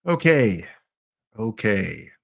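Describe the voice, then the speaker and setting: A man's voice: lowish voice, big pitch swings, drawn-out words, gravelly, fairly bright tone. Sex: man. Role: chatty game streamer. Style: casual live-stream talk. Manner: chatty, joking, addressing chat by name.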